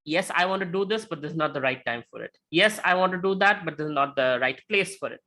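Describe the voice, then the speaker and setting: Bright-voiced male lecturer. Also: a little high, expressive, fast. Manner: conversational, checks in with frequent "right?"; tells illustrative stories. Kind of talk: lecture with slides.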